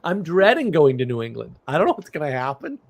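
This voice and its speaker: Rambling middle-aged man, animated. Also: on the high side, fast talker, gravelly. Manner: rambling, animated storytelling with laughs. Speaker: livestream host. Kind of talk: casual chat.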